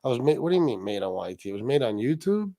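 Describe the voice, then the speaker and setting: Talking fast in a dark, mid-range voice with big pitch swings, a man runs a relaxed livestream. He chats crudely with viewers, reads their donations, and restarts frequently. The recording is clean studio sound without room reflections.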